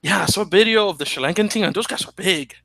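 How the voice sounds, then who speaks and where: A man's voice: sits high, quick pace, creaky, sharp tone. A man co-hosting a sports podcast, chatting casually with hesitant fillers and restarts. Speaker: podcast co-host.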